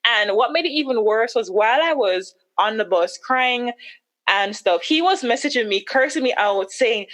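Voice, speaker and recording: A woman guest on a podcast, telling a personal story candidly and acting out her own past words with sharp jumps in pitch. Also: animated, moderate pace.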